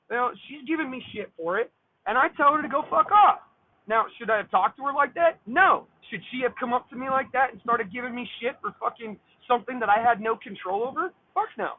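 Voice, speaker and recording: A man's voice: extremely high pitch, no echo. A man, a streamer, ranting angrily about a neighbor dispute, swearing heavily. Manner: profane, heated, swearing constantly. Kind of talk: angry ranting monologue. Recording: thin phone-like sound.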